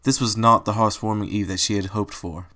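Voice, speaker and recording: A man reading fan fiction aloud as a storybook narrator, plain and calm, with small slips. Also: fairly low pitch, fairly quick.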